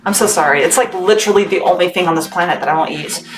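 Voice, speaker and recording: A woman's voice: on the low side, racing. Bubbly woman hosting a live sales stream. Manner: chatty, bubbly, laughs often. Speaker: small business owner selling on a livestream. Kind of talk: casual live sales chat. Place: home workspace packing orders. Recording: background noise with clicks.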